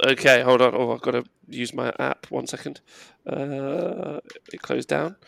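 Young male player, jokey deadpan, bright voice, close and dry. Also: medium pitch, a little slow, gravelly, no echo, rough recording. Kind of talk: casual chat.

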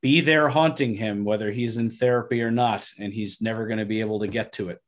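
A man's voice: fairly low pitch, a little fast. A man co-hosting a podcast, talking eagerly about a TV episode and often restarting his sentences. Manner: enthusiastic, restarts often when excited. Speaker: podcast co-host. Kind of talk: casual discussion of a TV episode.

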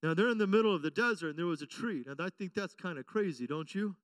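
Animated and high-pitched, a pastor talks quickly during a church sermon, recorded from a distance without room sound. He preaches with emphasis and repetition, often checking in with the congregation in call-and-response style.

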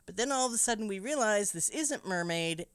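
A woman casually recapping a film, animated and profane, often laughing as she tells it. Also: medium pitch, fairly quick, clean tone, no echo.

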